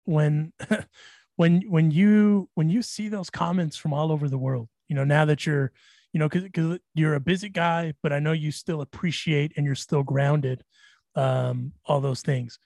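A man co-hosts this podcast with a joking, easygoing manner, often stumbling and restarting his sentences. His voice is slightly high, and the sound is dry and close. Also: steady tone, measured pace, gravelly, a little mellow, no room sound. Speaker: podcast co-host. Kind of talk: casual interview.

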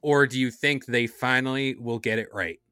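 A man hosting a casual gaming podcast, upbeat and playful, with quick asides. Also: mid-range voice, bright, forceful tone, clean tone, no echo, studio quality. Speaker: podcast host.

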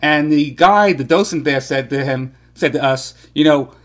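A man's voice: a little high, normal speed. A middle-aged man hosting a radio talk show, reminiscing casually about a visit with his son. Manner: relaxed, reminiscing with short affirmations. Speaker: radio host.

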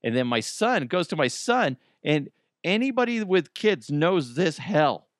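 A man in his thirties, hosting a radio show in casual chat, telling stories with animated put-on quotes and reading an ad. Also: a little high, measured pace, dry recording, clean studio sound. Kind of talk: casual chat and live-read ad.

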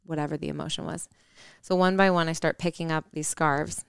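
Low, crisp-voiced woman telling a story. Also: fairly even intonation, a little fast, no echo, clean studio sound. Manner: earnest, reflective, with frequent fillers and restarts. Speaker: podcast co-host. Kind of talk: personal storytelling.

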